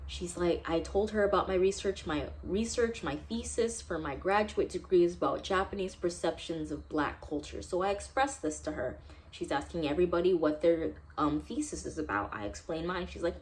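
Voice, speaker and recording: A woman's voice: lowish voice, normal speed. Angry young American woman ranting. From San Diego, United States. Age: 20s. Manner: angry, profane, emphatic ranting. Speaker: vlogger. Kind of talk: heated personal storytime vlog.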